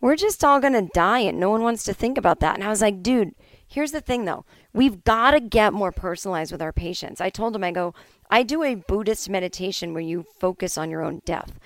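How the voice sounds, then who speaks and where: Woman on her comedy podcast, chatty and candid, mid pitch, dry close mic, acts out both sides of convos. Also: expressive, brisk, no echo. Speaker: podcast host. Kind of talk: solo comedy podcast storytelling.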